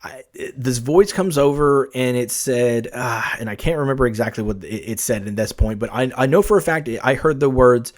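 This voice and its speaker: A man hosting his own podcast tells a story casually in a mid-range voice at a moderate pace, with hardly any pauses. He's animated and rambling, full of "like" and "you know," with lots of restarts and filler words.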